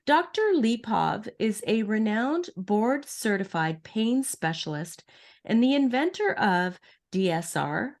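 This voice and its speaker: A woman hosting a podcast, reading her guests' introduction and then asking questions in a measured, deliberate way. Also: a little high, darkish tone. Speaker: podcast host.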